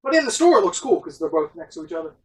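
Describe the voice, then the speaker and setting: A man's voice: a little high, big pitch swings, rapid-fire. A man co-hosting a casual podcast about comics and games, blunt, sarcastic and profane. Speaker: podcast co-host. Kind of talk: casual comic and game chat. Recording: distant room mic.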